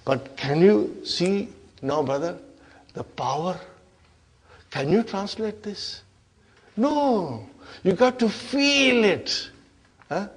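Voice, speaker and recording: Higher-voiced man teaching arabic grammar, unhurried, native urdu speaker, keeps asking the class if they follow. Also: expressive, husky. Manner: interactive, constantly checks in with the class. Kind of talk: classroom lecture.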